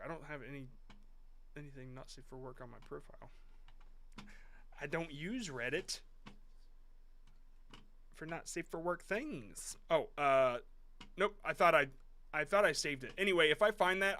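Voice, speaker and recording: A man's voice: a little high, sharp tone. A man in his thirties hosting a live stream, giving frank, rambling casual commentary on viewers' short videos, with restarts and mild swearing. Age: 30s.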